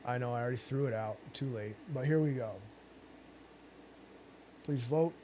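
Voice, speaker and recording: A man's voice: mid-range voice, moderate pace, mellow, slight background noise. A man hosting a casual livestream chat, rambling and joking with plenty of swearing. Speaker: livestream host.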